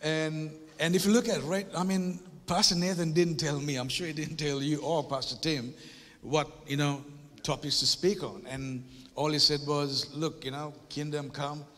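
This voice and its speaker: A man's voice: fairly high pitch, fairly even intonation, normal speed, a bit bright. A man giving a conversational church workshop talk, joking with the audience and building to emphatic preacher-like points with frequent tag questions. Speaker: guest workshop speaker at a church. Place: church auditorium. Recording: reverberant church hall.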